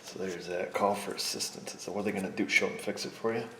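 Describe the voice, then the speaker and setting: Joking mechanic talking through a repair. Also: male voice, sits low, fairly even intonation, quick pace, a bit bright, slight background noise. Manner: joking, rambling, talks to himself while working; drops to a whisper up close. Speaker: auto mechanic. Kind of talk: casual work narration. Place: auto repair shop bay.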